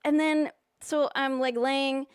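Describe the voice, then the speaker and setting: A young woman tells a story on a podcast in lively, profane casual chat. Her voice sits fairly high, and the sound is close and dry with no room around it. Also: slow, dry recording. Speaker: podcast co-host.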